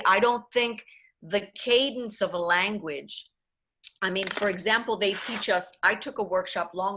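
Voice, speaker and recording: A woman's voice: fairly low pitch, fairly bright tone. Woman coaching diction on a call. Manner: switches between English and Spanish, emphatic. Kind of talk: online workshop Q&A answer. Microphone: video call.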